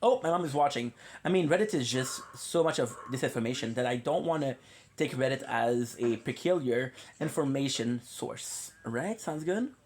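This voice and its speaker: A man's voice: mid-range voice, animated, normal speed, a little hiss or hum. A man vlogging about mobile games from his apartment in a casual, rambling, joking way, often correcting himself. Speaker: gaming vlogger. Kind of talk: casual chat to viewers.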